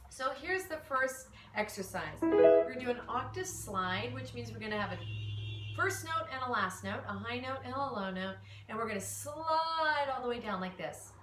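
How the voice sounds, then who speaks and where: A woman voice teacher explaining singing exercises in a relaxed way, with fillers. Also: a little high, normal speed, loud music behind the voice. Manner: relaxed explaining with fillers, demonstrates vocal slides. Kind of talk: instructional lesson. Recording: echoey room, mic at a distance.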